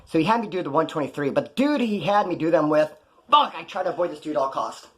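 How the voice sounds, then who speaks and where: A man's voice: on the high side, animated, quick pace. A man casually telling rambling, profanity-laced stories with a wry edge. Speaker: vlogger recounting jail stories. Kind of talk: casual storytelling.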